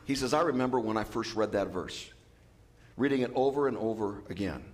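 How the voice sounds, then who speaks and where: A man preaching a sermon as pastor, lively and joking with asides. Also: fairly low pitch, moderate pace. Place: church.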